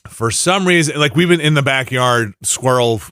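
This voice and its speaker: A man's voice: medium pitch, moderate pace, pushed and bright, smooth, no echo, studio quality. A man hosting a casual podcast, telling rambling stories with many restarts. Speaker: podcast host.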